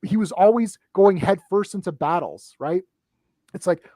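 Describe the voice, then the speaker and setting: A man with a notably high voice, recorded dry and close with almost no room sound. He chats casually on a live stream, retelling movie scenes with animated excitement. He talks in quick bursts, restarts often and keeps checking in with "right?". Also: no room sound. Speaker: movie discussion panelist.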